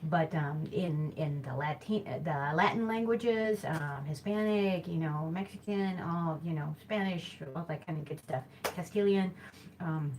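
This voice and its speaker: A woman with a Midwestern accent hosts a live stream with a slightly low voice. She talks in a loose, rambling way and keeps correcting herself mid-sentence. A faint background hiss sits under her voice. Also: unhurried, a little mellow. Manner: chatty, rambling, self-correcting. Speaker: host of a live hula hooping show. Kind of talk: casual live-stream chat.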